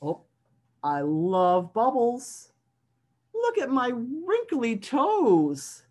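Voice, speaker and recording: A woman voicing a fussy, whiny male pigeon from a picture book, in a high sing-song complaining voice. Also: huge pitch swings, very slow, a little mellow, full character voice. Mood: delighted. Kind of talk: children's picture-book read-aloud.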